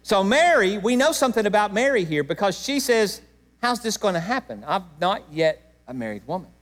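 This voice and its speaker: A middle-aged man preaching a sermon to his church, emotional, swinging between loud emphatic peaks and hushed moments. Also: high-pitched, animated, a little fast. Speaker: pastor.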